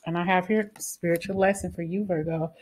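A woman's voice: fairly low pitch, steady tone, brisk, a little mellow, husky. A woman giving a casual tarot reading, talking bluntly, swearing freely and often ending lines with "okay?". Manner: blunt, swears freely, flares into angry outbursts; frequent "okay?" tag questions. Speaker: tarot reader.

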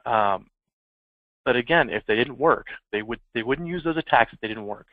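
A man's voice: medium pitch, animated, moderate pace, dry recording. A man giving a conversational security training talk, telling anecdotes in an informal way. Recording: tinny phone-like dry sound.

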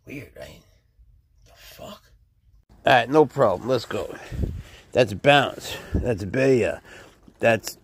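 A laid-back man keeping snakes, chatting casually to the camera and talking softly and coaxingly to his animals. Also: mid-range voice, animated, slow pace, long pauses, breathy edge. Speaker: snake keeper.

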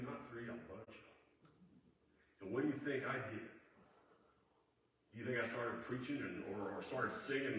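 Folksy preacher in an echoey sanctuary. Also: male voice, mid-range voice. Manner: folksy storytelling with swings to loud emphatic preaching. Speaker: guest preacher. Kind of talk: sermon. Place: church sanctuary. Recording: echoey church hall from a distance with faint noise.

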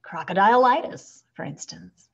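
A woman voicing puzzled male ambulance attendants who talk in hushed, bemused tones, on a dull recording. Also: medium pitch, animated, unhurried, gravelly, breathy edge, heavily acted. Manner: whispering, bemused.

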